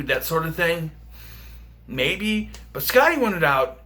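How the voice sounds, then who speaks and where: A man talks through a film review in a loose, rambling way, full of fillers and restarts. His voice is bright and a little high. His pitch bounces around animatedly. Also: very animated, slow pace. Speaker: movie reviewer. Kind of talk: casual film review vlog.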